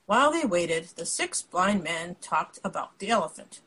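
Husky woman reading a storybook aloud. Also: fairly low pitch, normal speed, hardly any pauses, poor audio. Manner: expressive read-aloud with casual asides. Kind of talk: reading a picture book aloud.

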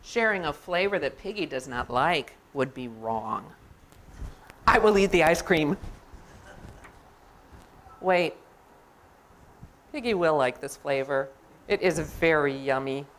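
A woman voicing an excitable, fretful male elephant from a picture book, dithering as he talks himself in and out of sharing. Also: low-pitched, slow pace, long pauses, voice pushed down, heavily acted, poor audio. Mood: torn. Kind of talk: picture-book read-aloud.

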